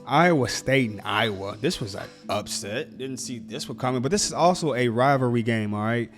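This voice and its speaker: A male sports vlogger gives a casual, slangy recap of college football scores, hyping up players and teams with excited energy. He speaks at normal speed in a medium pitch over soft background music.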